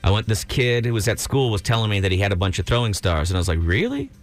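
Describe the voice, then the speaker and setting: A man co-hosting a morning radio show, telling a rambling childhood story in casual banter and jumping into high-pitched outbursts. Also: racing, faint music behind.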